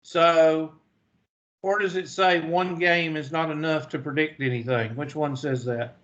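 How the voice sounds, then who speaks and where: A man's voice: on the high side, steady tone, fairly bright tone. A man teaching a math class, folksy and joking, in a dull lo-fi classroom recording. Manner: folksy, joking asides, slow deliberate delivery. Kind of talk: classroom lecture.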